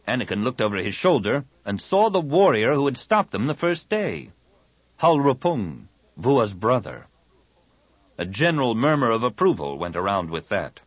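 Lively, husky male audiobook narrator. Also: medium pitch, moderate pace, no echo. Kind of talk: scripted narration.

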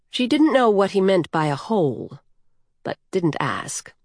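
A woman narrating a storybook in a calm, measured way. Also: mid-range voice, no echo, studio quality. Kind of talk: scripted narration.

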